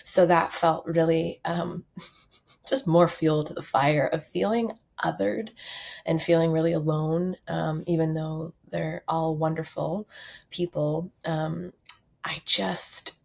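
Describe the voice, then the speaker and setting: A woman's voice: deep voice, fairly even intonation, takes it slowly, creaky, a little mellow. A young woman from Canada hosting a solo podcast, talking candidly and reflectively with frequent fillers. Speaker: podcast host.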